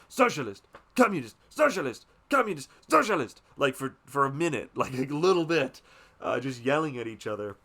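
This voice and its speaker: A man hosting a podcast, chatting casually about a film in a rambling way, with plenty of fillers, swearing and quick asides. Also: medium pitch, a bit bright. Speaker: podcast host.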